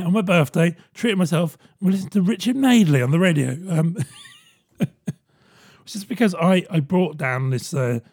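A man's voice: a little high, a little mellow, slightly rough. A man hosting his own podcast in a rambling, sardonic monologue, swearing freely. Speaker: podcast host. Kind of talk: casual solo podcast monologue.

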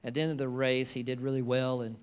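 A man preaching a sermon, moving from conversational asides to loud, emphatic repeated phrases. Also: medium pitch, little pitch movement, quick pace, clean tone. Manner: conversational asides between scripture lines. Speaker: pastor.

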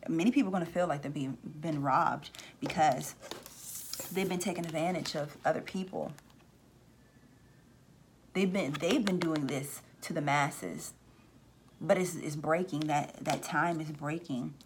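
A woman's voice: deep voice, a little slow, pauses often, a little hiss or hum. A woman hosting a casual spiritual talk, rambling with restarts and acting out voices she says she hears. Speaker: spiritual reader and channel host.

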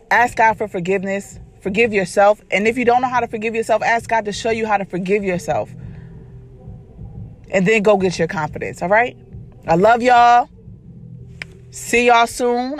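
A woman hosting a podcast as a life coach, giving an emphatic, repetitive motivational talk to her listeners. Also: on the high side. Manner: preachy, emphatic, repetitive, uses "baby".

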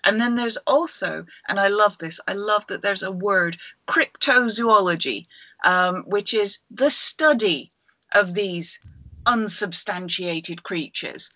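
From home, a woman co-hosts a casual podcast over a video call, rambling excitedly through a creature legend with plenty of fillers. She speaks slowly in a medium-pitched, sharp-toned voice, with no echo.

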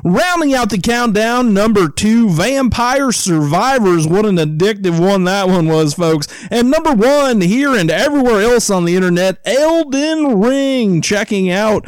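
A man's voice: animated, a little slow, hardly any pauses, clear, resonant tone, no echo. A man putting on a showy radio broadcaster voice to count down a top ten list. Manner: booming showy announcer delivery. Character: cheesy male radio countdown DJ.

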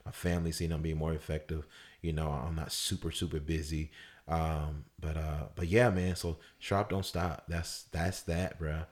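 A man in casual conversation telling a personal story, loose and full of fillers, his voice leaping high when he acts out people shouting. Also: normal speed. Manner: animated storyteller, voice jumps up high for quoted shouts. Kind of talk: casual chat.

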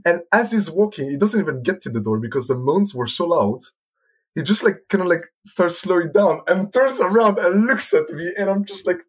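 A young man guest on a podcast, hesitant with many restarts, animated when telling a story. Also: fairly high pitch, husky. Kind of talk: casual storytelling.

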